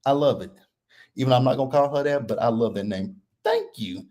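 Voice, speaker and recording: A man's voice: mid-range voice, fast talker. A man hosting a live reality TV recap, talking casually and bluntly and laughing a lot. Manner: blunt, animated and laughing often.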